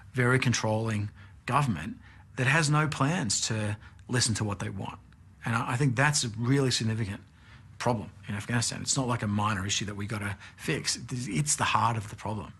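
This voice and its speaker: Very husky-voiced male analyst. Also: mid-range voice, a bit bright. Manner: earnest, analytical. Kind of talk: documentary interview.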